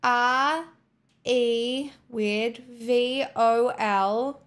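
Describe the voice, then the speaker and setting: A woman's voice: a little high, very slow, clean tone. A woman livestreamer chatting casually with her viewers, using sarcastic, mock-corporate girlboss patter.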